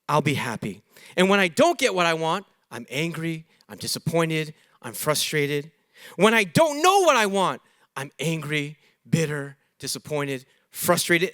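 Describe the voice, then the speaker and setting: A man's voice: a little high, no room sound, clean studio sound. A young adult man preaching a sermon in church, joking and acting out quoted dialogue. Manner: animated, jokey, acts out quoted dialogue. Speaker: pastor.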